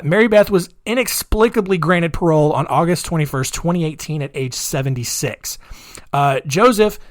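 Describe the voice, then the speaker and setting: A man's voice: fairly high pitch, no echo, studio quality. A man hosting a podcast, telling a history story casually, with sarcastic rambling asides. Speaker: podcast host.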